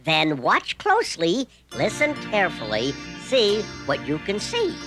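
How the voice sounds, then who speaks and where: A chirpy little cartoon dragon. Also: female voice, mid-range voice, huge pitch swings, a little slow, over music. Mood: cheerful. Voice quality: chirpy, bouncy delivery. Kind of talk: educational cartoon acting.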